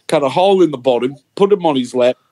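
A man's voice: mid-range voice, lively intonation, fast talker, mellow. A man telling a story in casual podcast chat, full of hesitations and restarts. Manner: chatty, hesitant anecdote teller.

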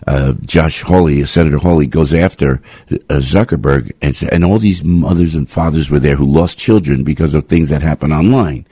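Deep husky talk radio host. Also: male voice, normal speed, warm tone, dry recording. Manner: sarcastic, with mocking rhetorical questions and sudden high-pitched jumps; rambling, with frequent restarts and asides.

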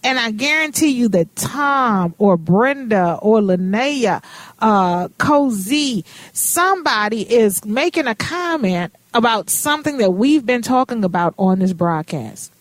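Woman, radio host, casual chat, slightly high voice, dry sound. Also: expressive, measured pace, no room sound. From Minnesota. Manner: chatty, warm-hearted, calls guest honey and baby.

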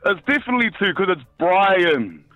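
A man's voice: on the high side, fast talker, no echo, phone-quality sound, faint music behind. A young man with a New Zealand accent, calling in to a radio show and chatting in a friendly, rambling way. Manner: friendly, chatty, stumbles and repeats words. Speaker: caller. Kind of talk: casual chat on a radio call-in.

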